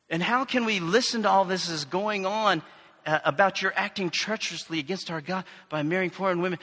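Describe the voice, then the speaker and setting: A man from the United States preaches a sermon in a high, very bright voice. He keeps it conversational, with asides and questions to the congregation. The sound carries the long reverb of a hall. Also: brisk. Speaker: pastor.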